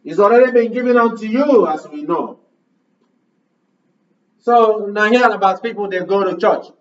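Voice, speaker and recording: A man's voice: high voice, normal speed, recorded from a distance, dull audio. A man preaching a sermon, pressing his listeners with repeated rhetorical questions.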